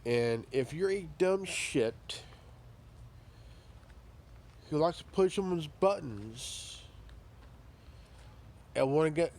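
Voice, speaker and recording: A man rants slowly and profanely, pressing each point with blunt, halting repetition. His speaking voice sits a little higher than most men's. He talks like a commentary vlogger who is cornering his audience. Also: animated, darkish tone. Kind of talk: ranting monologue.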